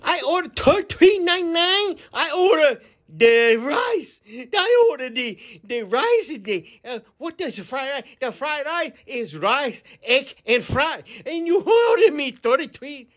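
A woman putting on a fussy, outraged customer with a put-on Chinese accent. She talks in broken English and repeats herself, and her voice is highish and swings up and down a lot. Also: very animated, a little slow. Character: angry haggling restaurant customer, fussy.

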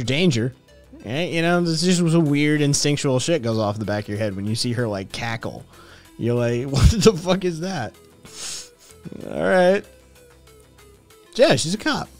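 Man, casual podcast host, profane, rambling chat, faint music behind. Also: medium pitch.

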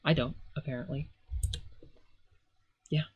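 A man's voice: a little high, steady tone, slow, husky, muffled recording. A man giving casual gameplay commentary as a let's player, rambling with sarcastic asides.

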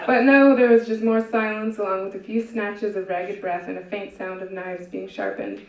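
A woman reading her own short stories aloud at a live literary event, with a wry, deadpan delivery. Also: fairly high pitch, fairly quick. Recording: dull, echoey room from far off.

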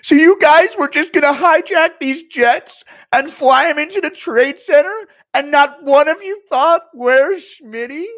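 A streamer voicing a whiny, self-pitying grown man who shouts his grievances in a high, strained voice. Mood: indignant. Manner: high-pitched, shouty, drawn-out whining. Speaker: streamer doing impressions.

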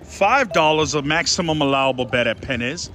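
A man playing slots on a casino floor, giving excitable running commentary and calling out to his viewers and his mom. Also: on the high side, a little fast. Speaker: casino slot vlogger. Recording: casino floor with loud music. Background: slot machine music.

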